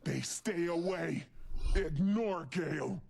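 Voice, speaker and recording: An actor playing a hulking, angry male mutant brute in a video game, who talks bluntly in broken grammar with a gravelly, husky voice. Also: on the high side, a little mellow, exaggerated voice. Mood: gruff. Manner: blunt, threatening, slow and heavy.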